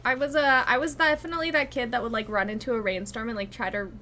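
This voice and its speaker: A young woman streaming a game, chatting casually to her viewers, giggling and thinking out loud. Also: a little high, fairly even intonation, quick pace, a little hiss or hum. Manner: chatty, giggly, talks to chat and herself. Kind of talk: casual gameplay chat.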